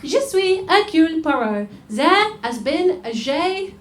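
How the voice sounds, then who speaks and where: A woman's voice: very high voice, very animated, takes it slowly, voice pushed up, full character voice. Woman doing Hercule Poirot in fake French. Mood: grandiose. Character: pompous middle-aged male detective. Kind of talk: stand-up comedy impression. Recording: echoey room with loud noise.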